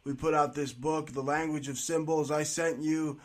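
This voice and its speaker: A man hosting a casual conversation, agreeing emphatically and filling pauses with "uh". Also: on the high side, steady tone. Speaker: talk show host. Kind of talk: casual radio-style conversation.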